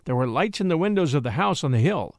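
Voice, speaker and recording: A man narrating a story in an expressive, measured reading. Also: on the high side, no room sound, clean studio sound. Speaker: audiobook narrator.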